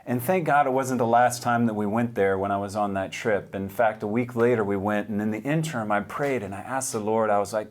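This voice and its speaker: A man telling a personal faith testimony, earnest and vivid, going hushed and quiet at the moving parts. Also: fairly low pitch, brisk, hardly any pauses. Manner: earnest, hushed when moved, vivid retelling. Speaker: speaker sharing a testimony.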